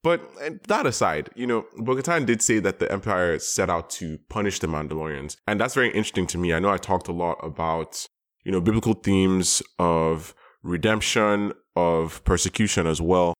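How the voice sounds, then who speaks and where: A man co-hosting a casual chat, thoughtful and rambling, with quick bursts of excitement. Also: sits low. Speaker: podcast co-host.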